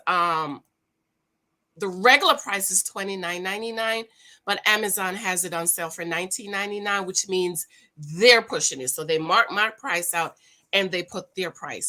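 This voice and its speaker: A woman chatting casually to her viewers in a morning vlog from home, animated, with playful asides. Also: mid-range voice. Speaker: vlogger and author.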